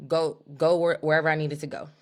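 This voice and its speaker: A young woman co-hosting a podcast, telling an animated, profane story in a casual chat. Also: sits low, quick pace. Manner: animated, profane, talks to her co-host as "girl". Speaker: podcast co-host.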